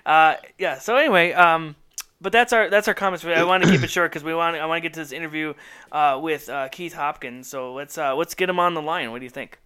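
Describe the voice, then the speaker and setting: A man co-hosting a podcast in casual chat, excitable and rambling, laughing often. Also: on the high side, brisk. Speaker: podcast co-host.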